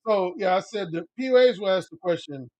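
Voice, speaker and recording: Blunt middle-aged guy coaching on dating, swears a lot, hammers his points home, voice sits high and jumps around. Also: lively intonation, a little fast, darkish tone, no room sound. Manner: blunt, profane, emphatic, repeats points; mimics other men in a high voice when quoting. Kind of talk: livestream talk answering chat.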